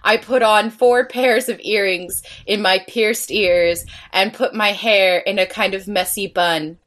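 A woman's voice: mid-range voice, steady tone, measured pace, a bit bright. A woman co-hosting a podcast, reading aloud with a straight face and often stumbling into giggles. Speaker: podcast co-host.

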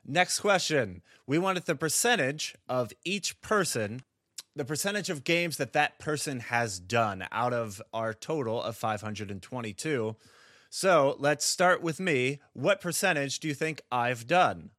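A man's voice: medium pitch, animated, a little slow, a bit bright, dry recording, studio quality. A young man hosting a casual podcast quiz, upbeat, reading questions and announcing scores with chuckles. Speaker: podcast host running a quiz.

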